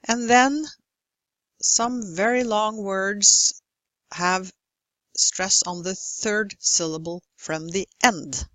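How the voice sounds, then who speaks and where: A woman teaching English word stress in a recorded lecture, slowly and carefully modelling each example word. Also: mid-range voice, fairly even intonation, fairly bright tone, no room sound. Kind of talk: recorded lecture over slides.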